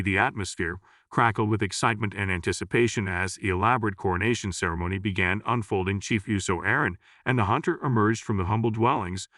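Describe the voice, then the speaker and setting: Casting: man reading a folktale steadily, low and dry. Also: a bit bright, dry recording, far from the mic. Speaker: storyteller. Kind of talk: scripted narration.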